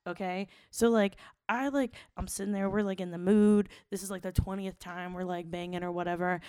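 A young woman co-hosting a podcast, telling a raunchy story in blunt, profane, animated casual talk. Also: mid-range voice, fairly quick, clear, resonant tone, no room sound, clean studio sound. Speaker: podcast co-host.

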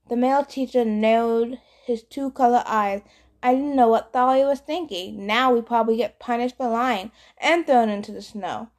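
Brief: woman audiobook reader, slightly high voice, easygoing first-person narration. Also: normal speed, darkish tone. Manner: casual first-person storytelling. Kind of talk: scripted narration.

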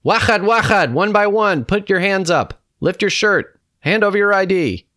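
A man shouting as barking soldiers. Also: high-pitched, lively intonation, moderate pace, pitched above the performer's own voice. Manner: barked, loud commands. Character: shouting male soldiers at a door.

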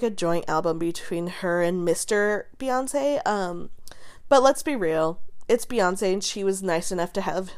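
A young adult woman hosting casual pop-culture commentary, talking in quick, animated, profane rants with a sarcastic edge and frequent laughter. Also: mid-range voice, creaky. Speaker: host.

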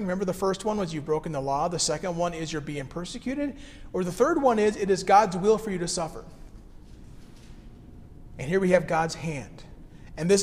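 Male pastor, 30s, slightly high voice, relaxed sermon delivery, reverberant hall sound. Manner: conversational, reads scripture then explains it plainly. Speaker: care pastor.

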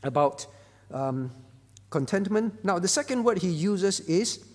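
High-voiced pastor preaching in a hall. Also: male voice, expressive, unhurried. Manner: emphatic, repeats key words, rhetorical questions. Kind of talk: sermon.

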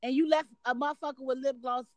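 A woman with a slightly high voice listens to a friend's story in casual chat. She cuts in with quick exclamations, teasing questions and laughter. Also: steady tone, crowd noise. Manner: reacts with short exclamations and laughter.

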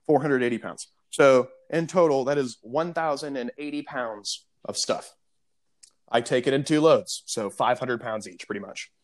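A young man casually telling a story on a podcast, animated, acting out the people in it. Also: medium pitch, moderate pace. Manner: animated storyteller, mimics customers.

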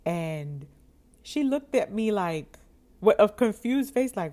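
A woman's voice: medium pitch, unhurried. A woman in her thirties from New York, hosting a podcast and telling a personal story, acting out the dialogue with laughs. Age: 30s. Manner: animated, acts out dialogue with laughs. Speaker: podcast host.

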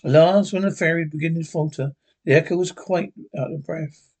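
A man reading a classic horror story aloud in a plain, steady storytelling voice, with occasional slips. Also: on the high side, moderate pace. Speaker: narrator.

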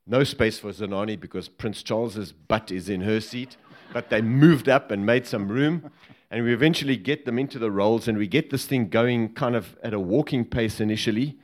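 Spinning a yarn for a live audience, a lower-voiced man who used to guard a president speaks at a normal pace. He keeps things lively and funny, chuckling at his own tale.

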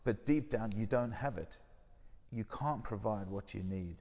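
Low-voiced man preaching a sermon. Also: measured pace, gravelly, dark tone, big-room sound. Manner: conversational, asks the listeners questions.

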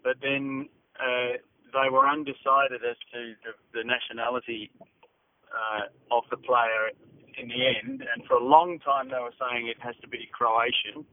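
A man's voice: mid-range voice, animated, measured pace, vocal fry. A middle-aged man from England with an Australian accent, recalling his acting work in a hesitant phone interview full of fillers. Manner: hesitant, many fillers and restarts. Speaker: interview guest, actor. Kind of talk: phone interview, casual recollection. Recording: tinny phone line.

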